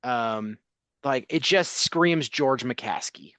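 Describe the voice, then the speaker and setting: A man co-hosting a sports talk podcast, speaking bluntly and casually, listing names in a steady run. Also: mid-range voice, slow, dry recording.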